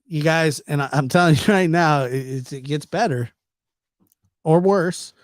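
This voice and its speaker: A man telling a casual anecdote, animated and chuckling as he acts out the people in it. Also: on the high side, measured pace, dry recording, clean studio sound. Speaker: storyteller.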